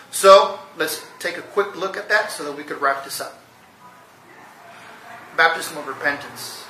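A man's voice: on the high side, bright, forceful tone, recorded from a distance, a little hiss or hum. Earnest man preaching in an echoey room. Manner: earnest teaching with rhetorical questions. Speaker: pastor. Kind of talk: sermon.

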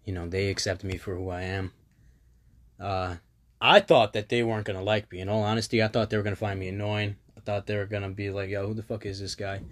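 A man's voice: on the low side, little pitch movement, a little fast. A young man rambling in a casual solo monologue, self-deprecating and swearing freely, his voice a little strained.

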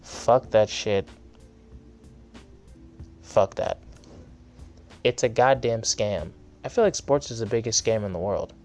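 Young male podcast host, low-pitched, angry profane solo rant with sarcastic jabs. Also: slow pace, long pauses, a little mellow, soft background music.

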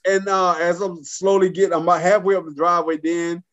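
A man's voice: sits high, fast talker. Storytelling man on a muffled line. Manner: animated storyteller who acts out voices in quotes. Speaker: guest, military veteran and artist. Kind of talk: casual storytelling. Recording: dull lo-fi sound.

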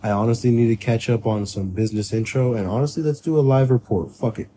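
Young man, podcast co-host, mellow warm tone, jokey banter, frequent laughs, loose swearing. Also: mid-range voice, fast talker, slight background noise. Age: young adult. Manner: laughs often, swears freely, joking banter. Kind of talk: casual chat.

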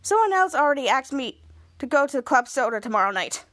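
A woman's voice: high voice, very animated, fast, fairly bright tone, dry recording, studio quality. A woman voicing a polite but firm teenage girl, matter-of-fact.

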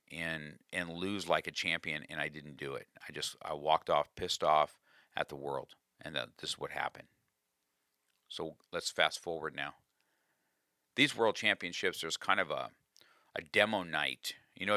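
A man's voice: deep voice, sharp tone, dry recording, studio quality. A man telling a personal story with a life lesson, earnest and confessional, often restarting his sentences.

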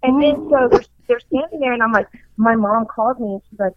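A woman telling a story in casual chat, profane and excitable, acting out her own panicked lines. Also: fairly high pitch, brisk, few pauses, no echo. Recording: dull lo-fi dry recording.

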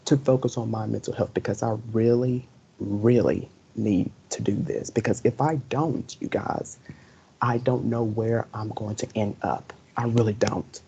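A man's voice: on the low side, steady tone, unhurried, creaky, dark tone, husky. A young man co-hosting a podcast, talking earnestly and emotionally and repeating his points over and over. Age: young adult. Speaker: podcast co-host. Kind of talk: casual podcast chat. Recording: dull lo-fi recording.

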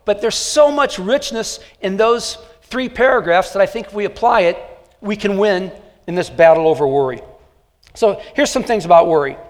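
A high-pitched man preaches a sermon in a nearly empty church, talking to the camera in a loose, conversational way full of fillers and asides. His voice rings out with a long hall reverb. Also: normal speed. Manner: conversational, joking, with many fillers. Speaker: pastor.

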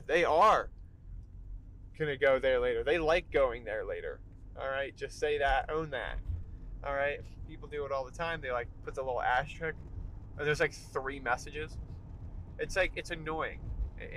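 A young man hosting a solo podcast from his car during a commute, ranting in an animated, emphatic way. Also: fairly high pitch, low-quality recording. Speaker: podcast host. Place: in a car while driving. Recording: faint car noise behind. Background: car road noise.

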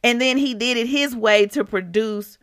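A woman's voice: a little high, normal speed, no echo, clean studio sound. A woman hosting a devotional podcast, speaking informally and preacherly, repeating phrases for emphasis. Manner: grows emotional, shifts between soft and raised. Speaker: podcast host.

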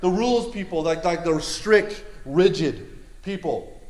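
A man preaching a sermon in a lively, conversational way, repeating words and asking the crowd questions. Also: sits high, unhurried, roomy sound.

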